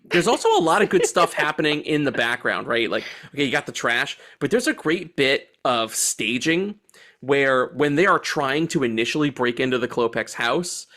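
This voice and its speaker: A man in his forties co-hosting a podcast, chatting about a movie in an excited, profane way. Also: mid-range voice, moderate pace. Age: 40s. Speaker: podcast co-host. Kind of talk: casual movie chat.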